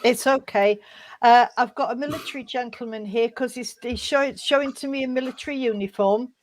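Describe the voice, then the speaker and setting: Her voice a little high, a woman conducts a mediumship demonstration during a service. She speaks haltingly with lots of fillers and restarts, addressing people as sweetheart.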